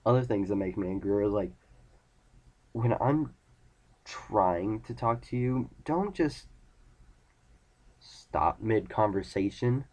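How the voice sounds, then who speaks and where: This teen vlogger's voice is lowish and a bit mellow, delivered slowly with long pauses. He rants casually and irritably at the camera, rambling through retold exchanges with his friends.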